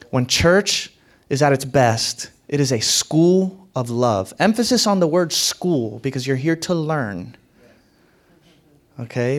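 Animated, emphatic male pastor preaching. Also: on the high side. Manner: animated, emphatic preaching with big swings in loudness. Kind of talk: sermon. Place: church hall.

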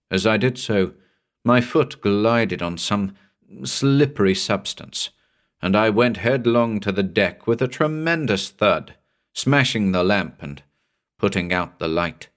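Male narrator, lowish voice, measured and dramatic, horror story reading. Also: a bit bright. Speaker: audiobook narrator.

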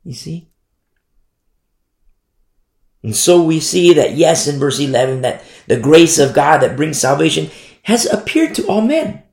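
A man's voice: fairly high pitch, big pitch swings, moderate pace, gravelly, darkish tone. A man preaching a sermon, emphatic and fond of repeating phrases for effect. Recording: echoey room.

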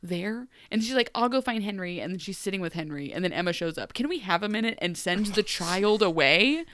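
A woman's voice: mid-range voice, lively intonation, a little fast, a bit bright. A woman from Ohio co-hosting a podcast, joking and rambling through a TV episode recap. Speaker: podcast co-host. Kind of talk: casual TV recap chat.

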